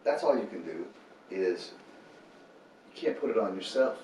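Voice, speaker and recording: A man's voice: low voice, normal speed. A man who founded a homeless ministry, telling stories earnestly as an interview guest and acting out what people said. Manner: animated storyteller, acts out quotes. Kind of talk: earnest faith storytelling in an interview. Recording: roomy room, distant mic, faint noise.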